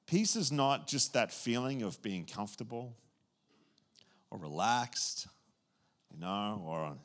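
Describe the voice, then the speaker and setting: Excitable male preacher with restarts. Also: fairly low pitch. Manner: animated and excitable, with quick restarts and asides. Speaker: pastor. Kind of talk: sermon.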